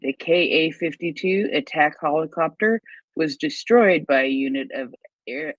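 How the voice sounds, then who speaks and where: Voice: medium pitch, no echo. A host of an online audio chat, eagerly reading out news updates and then asking questions. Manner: eager, reads out reports then asks questions. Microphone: Twitter Space audio. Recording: dull, dry lo-fi online audio.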